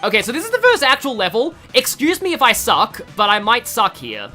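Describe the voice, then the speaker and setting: This gaming streamer speaks with an Australian accent in a brisk, bright, forceful mid-range voice that swings hugely in pitch. The let's-play commentary is casual and rambling, packed with restarts and fillers, over soft background music.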